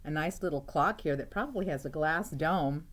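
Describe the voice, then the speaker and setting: A woman's voice: sits low, moderate pace. A woman teacher reading a picture book aloud to children, chatty and asking them questions, with frequent "uh-oh"s.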